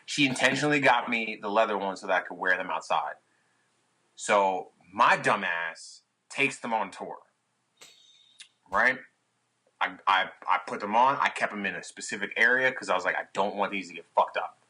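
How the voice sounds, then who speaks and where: A young man with a low, bright, forceful voice tells a rambling tour story as a podcast guest. He swears freely and jumps up in pitch when he acts out his own panicked past self. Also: normal speed, rough recording. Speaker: podcast guest, touring musician. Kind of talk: casual storytelling chat.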